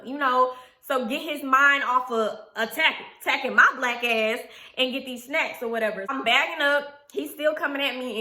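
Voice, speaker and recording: A young adult woman telling a story to her viewers in an animated, profane way, often turning to the audience. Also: sits high, roomy sound. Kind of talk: casual storytime.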